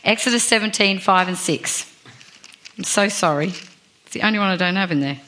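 A woman's voice: mid-range voice, moderate pace, sharp tone, a little hiss or hum. A woman preaching a sermon in a chatty, self-deprecating way, asking the congregation questions. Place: church.

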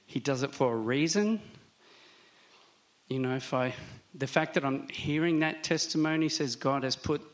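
Male pastor, mid-pitched voice, conversational sermon delivery, slow emphatic stresses.

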